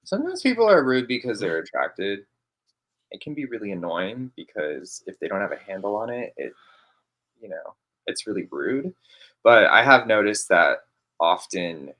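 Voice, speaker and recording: A man's voice: deep voice, sharp tone. A man with a Texan accent, a podcast guest talking casually and thoughtfully. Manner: thoughtful, rambling with fillers. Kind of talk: casual chat.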